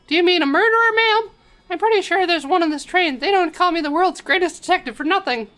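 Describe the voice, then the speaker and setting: A woman's voice: quick pace, fairly bright tone, faint music behind. A woman voicing a polite, eager ten-year-old boy who calls himself a great detective. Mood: earnest. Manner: high, earnest and polite.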